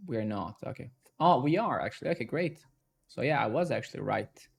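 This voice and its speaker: Gravelly man live-coding and muttering. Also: medium pitch, a little fast. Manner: talks to himself, swears, excitable outbursts. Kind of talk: casual live-stream commentary while coding.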